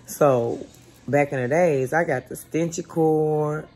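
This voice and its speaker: A woman's voice: low-pitched, takes it slowly, darkish tone. A woman in her forties telling a story in a casual, blunt and profane way. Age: 40s. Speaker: vlogger.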